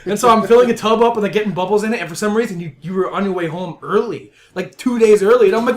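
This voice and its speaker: A man's voice: sits high, fast, few pauses. A man hosting a casual video game podcast, telling a long story animatedly and acting out the voices of the people in it. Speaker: podcast host. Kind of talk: casual chat.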